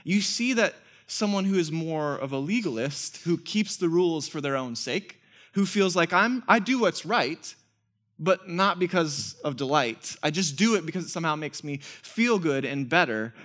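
Animated high-voiced male pastor preaching. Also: moderate pace. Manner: animated preaching, rhetorical questions, quoting scripture in character. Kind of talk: sermon.

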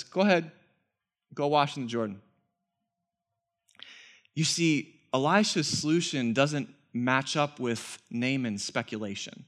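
A man preaching a sermon as pastor, animated, with frequent rhetorical questions and scripture read aloud in character. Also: sits high.

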